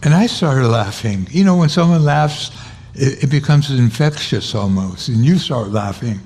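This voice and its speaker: An older man, an interview guest, telling a personal story and acting out the dialogue with sudden jumps in pitch. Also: expressive, moderate pace, darkish tone. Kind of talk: storytelling anecdote.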